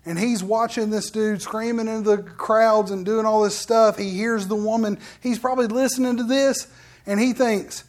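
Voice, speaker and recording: In a steady, medium-pitched voice at normal speed, a preacher gives an informal, honest sermon to a live crowd. It's conversational and addressed straight to the congregation, with the people from the Bible story acted out in quoted voices.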